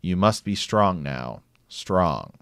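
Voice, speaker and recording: A man reading aloud the lines of a dying old maester, slow and faint. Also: deep voice, big pitch swings, vocal fry, a bit bright, clear, resonant tone, no echo, clean studio sound, heavily acted. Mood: weak, dying. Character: dying old male maester, weary and gentle.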